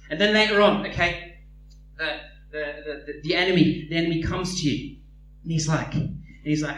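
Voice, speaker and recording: A man's voice: on the high side, normal speed, pauses often, a bit bright. A man preaching a sermon in an earnest way, often repeating words as he searches for phrasing. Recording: echoey room, distant mic, faint hum.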